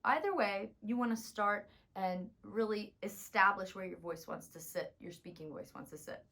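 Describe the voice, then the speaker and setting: A woman voice teacher with a tired, hoarse voice and a slight rumble, calmly explaining and demonstrating a vocal warm-up. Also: normal speed. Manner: calm, instructive, demonstrating exercises.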